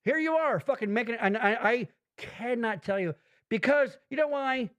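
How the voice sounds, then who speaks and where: A man's voice: extremely high pitch, moderate pace, a bit bright. A man hosting a podcast in casual chat, rambling and swearing freely, laughing often. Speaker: podcast host.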